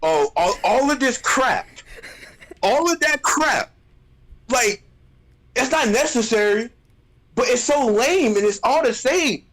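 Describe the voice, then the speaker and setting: A high-voiced man rants on a casual livestream, his pitch leaping all over as he roasts people. He sounds exasperated and animated, hammering the same phrases again and again. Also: slow pace, pauses often, low-quality recording. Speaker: streamer. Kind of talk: casual ranting stream chat.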